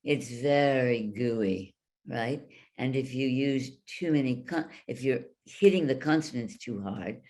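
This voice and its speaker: A bass voice with a slight mellowness belongs to this woman. She teaches an online workshop as a voice coach, talking through sounds on a video call and demonstrating each with long, drawn-out examples.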